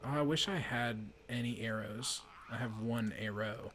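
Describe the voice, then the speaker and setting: A man's voice: mid-range voice, normal speed, fairly bright tone, a little hiss or hum. A man chatting casually while playing a video game, swearing and panicking at times. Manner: swears a lot, panicky outbursts. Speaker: let's play host. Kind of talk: casual gameplay chat.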